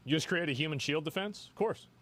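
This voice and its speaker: A man's voice: fairly high pitch, fast, a bit bright. A man in a played clip arguing his point in a dismissive tone. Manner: dismissive, argumentative. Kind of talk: argumentative talk.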